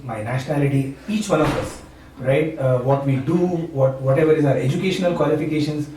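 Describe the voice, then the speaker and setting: A man from Maharashtra, India, a university teacher and satsang speaker, gives an informal spiritual talk in a conversational way, often asking "right?" and chuckling. His voice is on the high side with a dark tone. The recording has an echoey room, a distant mic and a faint hum.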